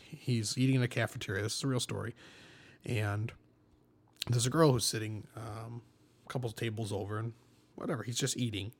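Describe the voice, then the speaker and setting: A young man co-hosting a casual faith discussion, telling stories in an animated, self-deprecating way and laughing often. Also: medium pitch, brisk, long pauses, husky.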